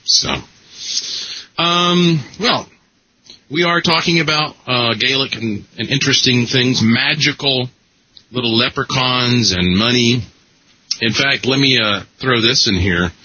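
A man's voice: medium pitch, measured pace, pushed and bright, slightly rough, dry recording. A man hosting a radio show, chatting casually and rambling with laughs and restarts. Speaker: radio host. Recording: muffled broadcast audio.

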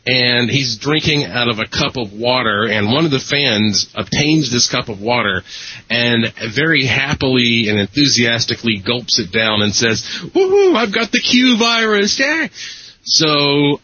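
A man's voice: mid-range voice, measured pace, sharp tone, husky, no echo. A man hosting a casual talk show, rambling with fillers and self-deprecating humor. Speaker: podcast host. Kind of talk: casual chat. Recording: dull lo-fi recording.

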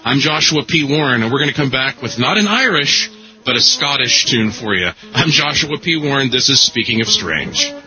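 A man's voice: medium pitch, lively intonation, moderate pace, over music. A man hosting a radio show, chatting casually and rambling with laughs and restarts. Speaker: radio host. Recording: muffled broadcast audio.

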